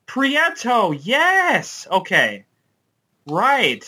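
Lively, high-voiced excitable man. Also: husky. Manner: excitable, quick to interject. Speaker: podcast co-host. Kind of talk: casual film chat.

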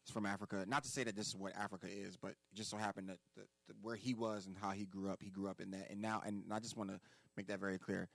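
Emphatic lower-voiced man from Philadelphia. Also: level tone, fast talker, creaky, a bit bright, no echo, low-quality recording. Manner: emphatic, profane and preachy, repeats key words. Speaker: podcast guest. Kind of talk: casual podcast conversation.

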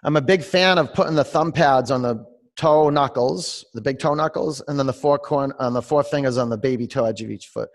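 A male yoga instructor leads an online class at a fairly quick pace and a medium pitch. He blends calming meditative talk with plain instructions, calling out students by name.

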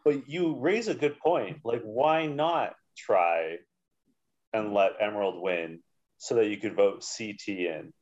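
A man co-hosting a podcast in casual chat, recapping quickly and making dry jokes. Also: on the low side, darkish tone. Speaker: podcast co-host. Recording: dull lo-fi audio.

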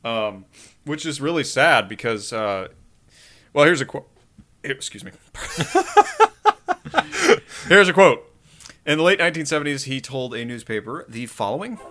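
A man's voice: mid-range voice, unhurried, pauses often, slight background noise. A man co-hosting a casual history podcast, reading out reviews and quotes and joking along. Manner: lively, reads quotes aloud with a put-on voice and laughs. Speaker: podcast co-host.

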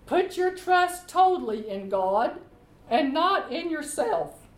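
A woman leading a Bible study, reading scripture aloud and explaining it in a slow, deliberate way. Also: sits high. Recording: echoey room.

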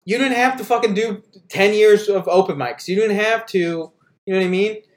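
A man's voice: sits high, normal speed. A man co-hosting a casual comedy podcast, ranting with lots of swearing and frequent laughs. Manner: profane, ranting, laughs often. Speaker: podcast co-host.

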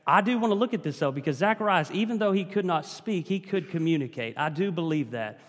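A man preaching a sermon in a church, his voice sitting a little higher than most men's. He builds emphasis and calls out to the congregation as he goes. The sound rings with the long reverb of a large hall. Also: animated, fairly quick.

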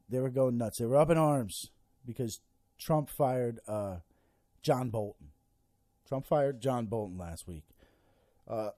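A man's voice: medium pitch, dark tone, no room sound. A man ranting casually about politics as a podcast host, swearing constantly and rambling with many fillers.

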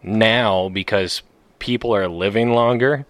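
A man's voice: lowish voice, fairly even intonation, unhurried, no echo. A young man hosting a casual podcast chat, talking in a rambling, joking way full of fillers. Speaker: podcast host. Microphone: podcast mic.

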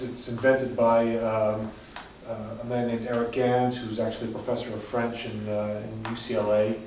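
A man's voice: mid-range voice, warm tone, a little hiss or hum. American man lecturing in an echoey room. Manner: hesitant, many restarts and fillers. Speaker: conference presenter. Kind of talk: academic talk with discussion. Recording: echoey room, voice far from mic.

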